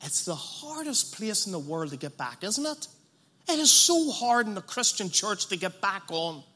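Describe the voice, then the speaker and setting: A man preaching an evangelistic sermon, passionate and blunt, dropping to a hush and then rising loud, with colloquial asides. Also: high-pitched, big pitch swings, moderate pace. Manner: passionate, swings from hushed to loud.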